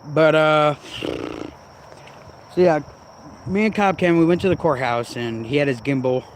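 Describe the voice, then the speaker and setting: A man's voice: fairly high pitch, unhurried, slight background noise. A man vlogging in a casual, rambling way, swearing freely and sounding irritated as he goes off on tangents. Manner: profane, rambling, irritated ranting.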